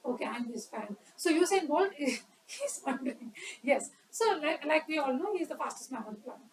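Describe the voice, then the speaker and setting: A woman's voice: high voice, animated, brisk, recorded from a distance, a little hiss or hum, poor audio. A woman giving an educational talk on public speaking at a club meeting, quizzing the audience and acting out examples.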